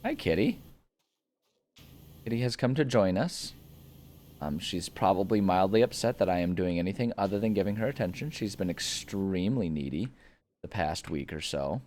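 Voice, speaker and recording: A young man with a very low, deep speaking voice chats loosely over his gameplay, chuckling often and wandering from one tangent to the next. The delivery is unscripted and relaxed. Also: fairly quick, a little hiss or hum. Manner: rambling, chuckling, easily sidetracked. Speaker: gaming channel host. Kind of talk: casual let's-play commentary.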